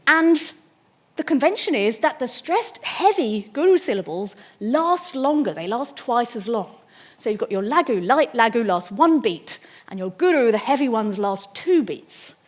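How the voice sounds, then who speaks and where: A woman delivers a public mathematics lecture with plain enthusiasm. Her voice sits a little high, and she explains step by step, often restarting her sentences as she thinks aloud.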